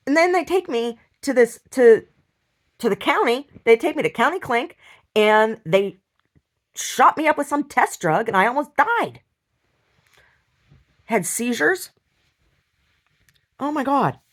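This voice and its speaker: A woman telling a personal story in a video diary, upset, rambling and halting with many restarts and repeated words. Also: high voice, sing-song. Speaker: video diarist.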